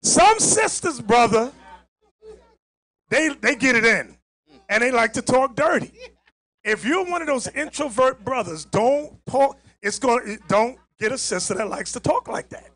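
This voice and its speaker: A man's voice: extremely high pitch, animated, measured pace, a bit bright. A man giving emphatic commentary on a played clip, often stopping it to lecture.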